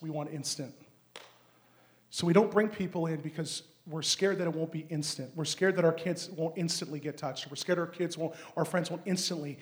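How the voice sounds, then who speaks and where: Man, preacher, sermon, earnest storytelling, high voice.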